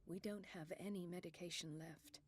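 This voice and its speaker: An actress playing a calm, authoritative psychiatric doctor with a measured, clinical way of speaking. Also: female voice, fairly low pitch, slightly rough. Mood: gentle.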